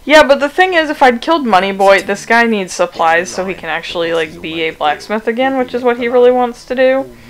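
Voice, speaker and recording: An excitable woman streamer talking over her gameplay, her pitch swinging up and down as she reacts. She swears freely and laughs a lot. She is recorded at home on a cheap, very sensitive desk mic. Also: brisk, poor audio. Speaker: gaming streamer. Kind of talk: casual let's-play commentary. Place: home room, roommates nearby.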